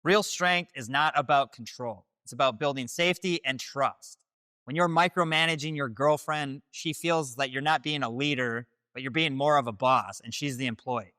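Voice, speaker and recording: A man's voice: medium pitch, moderate pace, pushed and bright, no room sound, clean studio sound. A man hosting, delivering scripted dating-advice commentary in a direct, declarative way. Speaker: host.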